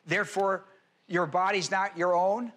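A male pastor teaching a sermon verse by verse, reading scripture aloud and slowing down to stress key words. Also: sits high, fairly even intonation, a bit bright. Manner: reads scripture aloud and spells out Greek words. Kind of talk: expository Bible teaching sermon.

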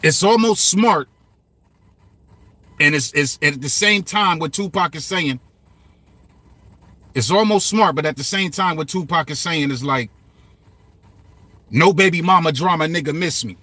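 Male vlogger, raised pitch and bright, husky tone, dry close sound, loose repetitive talk with cursing. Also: expressive, measured pace, pauses often, dry recording. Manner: loose and repetitive, swearing, quoting lines aloud. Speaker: lyric breakdown vlogger. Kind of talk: casual commentary.

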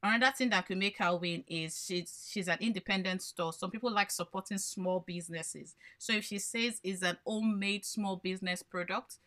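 A woman's voice: medium pitch, normal speed, hardly any pauses, fairly bright tone. A woman coaching small business owners in a live workshop, explaining by posing questions and then answering them. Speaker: branding coach.

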